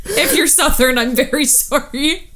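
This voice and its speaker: A woman's voice: high voice, measured pace, pushed and bright. A woman co-hosting a casual podcast with her husband, earnest and reassuring, laughing often. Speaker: podcast co-host. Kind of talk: casual chat.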